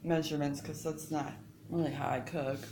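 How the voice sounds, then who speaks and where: A woman's voice: deep voice, fairly even intonation, normal speed, gravelly. A woman chatting her way through a casual home cooking demonstration, rambling and interrupting herself as she goes. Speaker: home cook showing recipes. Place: home kitchen. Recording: echoey room with background noise.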